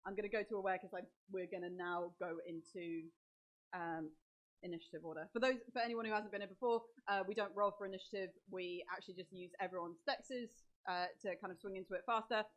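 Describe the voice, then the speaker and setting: A woman's voice: medium pitch, fairly even intonation, fast talker, dull audio. A woman narrating as dungeon master, describing scenes vividly and talking through the rules aloud. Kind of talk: narrating a tabletop game.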